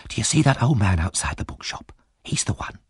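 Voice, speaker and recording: A man's voice: lowish voice, big pitch swings, fairly quick, creaky, breathy edge, no echo, clean studio sound, exaggerated voice. A man whispering as a sly young pickpocket, whispered role-play. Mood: secretive. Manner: secretive, hushed.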